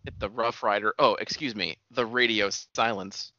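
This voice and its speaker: A man's voice: lowish voice, fairly even intonation, normal speed, bright, forceful tone, no echo. A man co-hosting a casual wrestling podcast, swearing often and calling his friend buddy. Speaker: podcast co-host. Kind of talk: casual wrestling recap chat. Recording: dull lo-fi sound.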